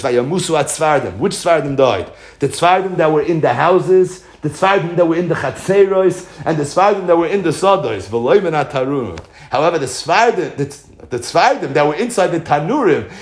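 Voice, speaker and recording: Animated man giving a Torah class. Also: a little high. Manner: animated storytelling, often chuckling. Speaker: Torah teacher. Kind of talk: Torah lecture. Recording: echoey room.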